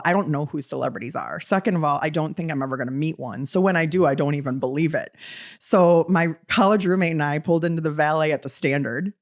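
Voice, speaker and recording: A woman in her forties from Wisconsin, a podcast guest telling stories in a casual, laughing way and acting out the quoted lines. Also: deep voice. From Wisconsin, US Midwest. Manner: lively, laughing, acts out quotes in raised voice. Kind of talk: casual storytelling.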